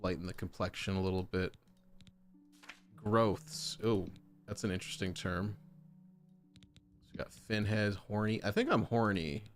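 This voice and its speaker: Gaming streamer, male, lowish voice, casual chatty commentary with excitable reactions, faint game music underneath. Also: unhurried, long pauses. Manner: chatty, excitable oohs while browsing options.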